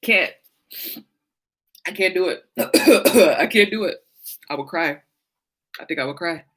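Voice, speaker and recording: A woman's voice: lowish voice, animated, slow, a bit bright, slightly rough, low-quality recording. A woman talking casually and animatedly about music, laughing often and swearing freely. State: sleepy, yawning. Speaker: podcast host. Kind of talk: casual chat.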